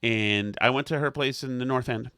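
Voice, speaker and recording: A man's voice: medium pitch, moderate pace, pushed and bright, clear, resonant tone, dry recording, clean studio sound. A man co-hosting a comedy podcast, telling long self-mocking anecdotes in a rambling way. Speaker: podcast co-host. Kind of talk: comedic storytelling chat.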